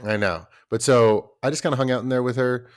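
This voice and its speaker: A man's voice: medium pitch, fairly quick. A man in his thirties, a podcast co-host chatting casually and acting out his children's voices as he tells stories. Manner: animated storyteller, acts out his kids' voices. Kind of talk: casual chat.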